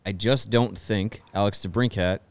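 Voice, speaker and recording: Low-voiced man on a sports podcast. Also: steady tone, normal speed, creaky. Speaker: podcast co-host. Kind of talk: casual sports chat.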